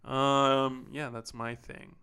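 A young man from Arkansas talks loosely on a podcast, bright and a little tense in tone. His voice has a gravelly fry yet stays crisp and clear. He sounds sleepy, joking, with plenty of fillers. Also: medium pitch, level tone, slow. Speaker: podcast guest, photographer. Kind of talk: casual chat.

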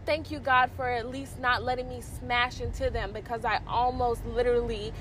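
A young woman with a high voice tells stories for her vlog. She is chatty and excitable and leans on lots of fillers. Faint noise sits behind her voice. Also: moderate pace, low-quality recording. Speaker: vlogger. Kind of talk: casual vlog storytelling.

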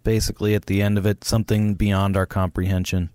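A man's voice: fairly low pitch, flat delivery, fast talker, darkish tone, no echo. A man co-hosting a podcast in loose, laid-back casual chat, laughing often and swearing freely. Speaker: podcast co-host.

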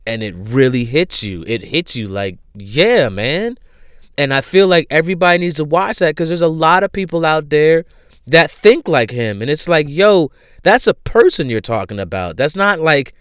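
A man casually retelling a show he recommends, animated and full of fillers. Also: fairly high pitch, dry recording, clean studio sound. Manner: animated storyteller, many fillers.

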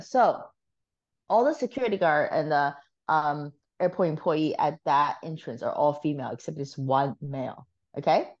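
Deep-voiced woman guest, casual and animated, salty language, muffled sound. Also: moderate pace. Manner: animated, swears freely, laughs often. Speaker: podcast guest. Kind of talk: casual storytelling.

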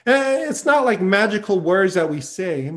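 A man's voice: sits high, big pitch swings, moderate pace, fairly bright tone. A man, a pastor, giving an earnest sermon that rises to emphatic peaks and tells stories with acted-out quotes.

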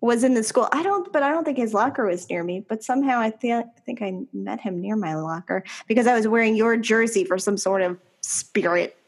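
Chatty, teasing woman with a higher voice. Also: brisk, few pauses. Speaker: podcast co-host. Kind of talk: casual chat.

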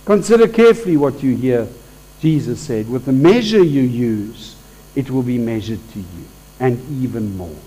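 A man's voice: mid-range voice, animated, moderate pace, mellow, breathy edge, poor audio. A man preaching a conversational sermon at a church service, talking informally with restarts and building to emphatic peaks.

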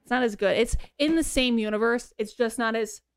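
A young woman co-hosting a podcast, chatting excitedly about books with lots of "um" and "like". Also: a little high, fairly quick, smooth, dry recording, clean studio sound. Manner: chatty, excitable, many fillers like "um" and "like". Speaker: podcast co-host. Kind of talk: casual chat about books.

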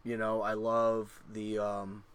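A man's voice: on the low side, monotone, slow pace, smooth. A middle-aged man co-hosting a casual chat, rambling through profane stories with lots of fillers.

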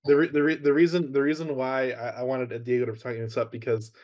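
Male host, casual business talk, mid-pitched voice, upbeat explainer. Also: little pitch movement, fairly quick, a little mellow, lo-fi sound.

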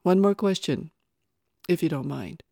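A woman's voice: sits low, animated, measured pace, mellow, dry recording, clean studio sound, exaggerated voice. A woman reading a novel aloud, voicing a skeptical man who asks pointed questions.

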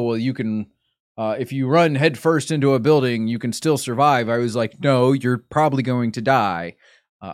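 A man chatting casually on a stream in a middle-pitched voice. He rambles, breaks off mid-sentence and wanders onto side topics. The sound is dry and close, with no room echo. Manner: rambling, sidetracked, self-interrupting. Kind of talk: casual chat.

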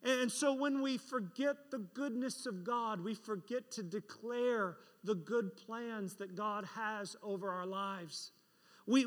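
A man's voice: sits high, fairly bright tone. A man preaching a sermon and telling a story from his life, acting out the voices of the people in it. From England. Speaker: pastor. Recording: reverberant hall.

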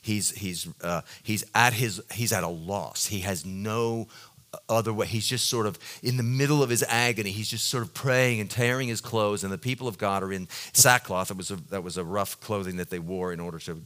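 A man in his thirties, a pastor preaching a sermon in a church, rambling with many restarts and rising loud and high when stirred. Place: church sanctuary.

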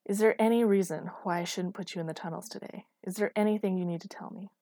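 A woman's voice: mid-range voice, fairly even intonation, fast, warm tone, dry recording, clean studio sound, natural voice. Woman reading as an overwhelmed male major. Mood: pressing. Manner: pleading, anxious questions. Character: stressed male military commander, out of his depth.

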